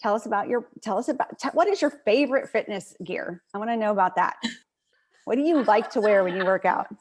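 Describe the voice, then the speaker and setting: A woman hosts an interview and speaks quickly in an upbeat, motivational coaching manner. Her pitch sits in the middle range, and she addresses the listeners directly. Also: animated, darkish tone, slight background noise. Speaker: host. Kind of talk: casual video interview chat.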